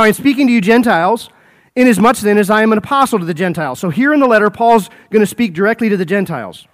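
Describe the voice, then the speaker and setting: High-voiced preacher man, exclaiming. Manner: exclaims and repeats phrases, addresses listeners as folks. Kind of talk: expository sermon.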